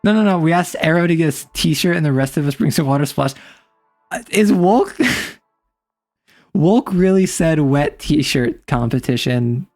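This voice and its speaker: A woman's voice: deep voice, expressive, measured pace, darkish tone, soft background music. Playful, giggly woman streamer. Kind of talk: casual live-stream chat.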